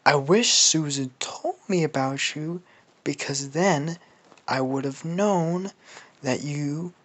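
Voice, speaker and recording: A man voicing an awkward, irritable middle-aged god who is a dad, with a gruff, mumbled delivery that trails off quietly. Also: a little high, slow. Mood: annoyed.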